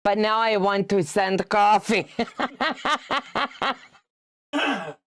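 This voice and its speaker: Studio-quality audio with no room sound captures a woman in her sixties whose medium-pitched voice stays fairly even and draws out words. She hosts a quilting livestream, chatting as she sews, teasing viewers and greeting them by name, reading their comments, and laughing often.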